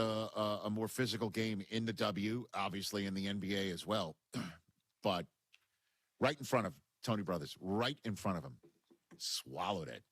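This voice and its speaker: A man's voice: on the low side, fairly bright tone, dry recording. A man with a New York accent hosting sports talk radio in a studio, making emphatic, repeated points. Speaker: radio host. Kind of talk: sports talk radio, reading live ads. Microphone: studio microphone.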